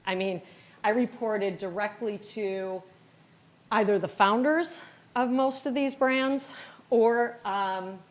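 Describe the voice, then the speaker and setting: A woman's voice: medium pitch, slow pace. Chatty middle-aged woman telling stories. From Wisconsin, USA. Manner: chatty, self-deprecating, acts out dialogue. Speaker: company founder giving a lecture. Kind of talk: storytelling lecture.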